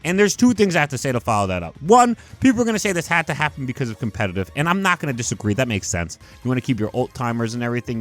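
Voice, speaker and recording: Animated young man ranting about a game. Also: medium pitch. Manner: animated and emphatic, swears freely. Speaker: gaming video host. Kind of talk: casual video-game skin review.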